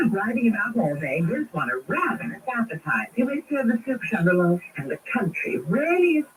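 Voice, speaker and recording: A woman's voice: on the high side, very animated, normal speed. An actress playing a breezy, flippant young English woman in an old radio drama, light and chatty. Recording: old radio broadcast, distant mic, hiss.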